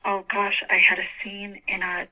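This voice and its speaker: A woman's voice: medium pitch, completely flat delivery, moderate pace, phone-quality sound. A woman with a New York accent, a guest actress talking casually in an interview and laughing often.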